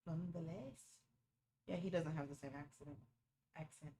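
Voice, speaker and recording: A woman with a somewhat low voice chats casually over a movie stream. She teases her viewers playfully and picks apart small details on screen, talking into a streaming mic. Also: fairly even intonation, normal speed, warm tone. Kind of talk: casual movie-watching reaction commentary.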